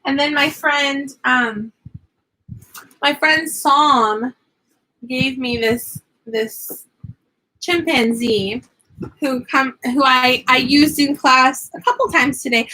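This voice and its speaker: A young woman, an online English teacher, chatting casually from her home classroom in an animated way. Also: high voice, slow pace. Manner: animated, switches into playful sing-song teaching voices. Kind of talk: casual chat.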